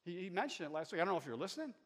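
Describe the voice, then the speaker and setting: High-voiced animated preacher man, echoing hall. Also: rapid-fire. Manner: animated, swings from quiet to shouting; storytelling, calls on the audience. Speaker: guest preacher. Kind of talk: sermon. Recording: long hall reverb.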